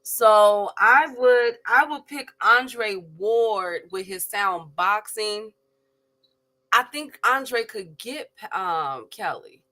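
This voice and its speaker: A woman with a bright, forward voice talks boxing in an unhurried, hesitant way, thinking aloud between her points. She takes her time, pausing often to search for names. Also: medium pitch, expressive. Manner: slow and musing, many hesitations. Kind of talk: casual live stream banter.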